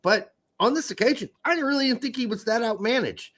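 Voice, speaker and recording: A man co-hosting a podcast, chatting casually about a soccer match, animated and swearing freely. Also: extremely high pitch, fairly quick. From Netherlands. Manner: animated, swears, acts out quotes. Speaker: podcast co-host. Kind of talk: casual sports chat.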